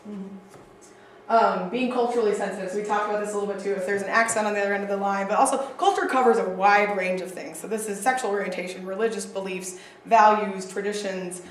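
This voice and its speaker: A woman teaching counseling skills to a group, chatty and animated with frequent fillers and asides. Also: medium pitch, fast, slight background noise. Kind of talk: casual training lecture. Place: training room with a group. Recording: echoey room, distant mic.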